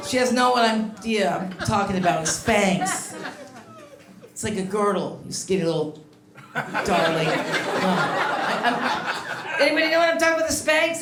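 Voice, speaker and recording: A woman's voice: fairly high pitch, animated, normal speed, long pauses, background noise. A woman in her sixties doing a bawdy stand-up set, chatty and brash, teasing the audience. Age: 60s. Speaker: stand-up comedian. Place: comedy stage before a live audience. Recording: echoey room with loud crowd laughter.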